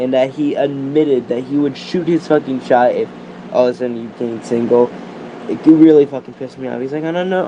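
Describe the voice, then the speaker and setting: A man's voice: mid-range voice, a little mellow, slight background noise. A young man ranting in a voice message, profane, exasperated and rambling.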